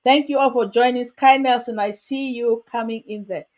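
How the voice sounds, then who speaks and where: A woman hosting a livestream chat, lively and speaking straight to her viewers. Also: fairly high pitch, normal speed. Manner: lively, addresses viewers directly. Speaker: host.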